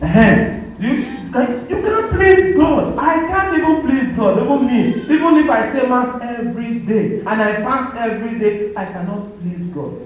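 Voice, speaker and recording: High-voiced priest in an echoey church. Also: male voice, lively intonation, unhurried, recorded from a distance, slight background noise. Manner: call-and-response questioning of the congregation. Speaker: Catholic priest. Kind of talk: sermon.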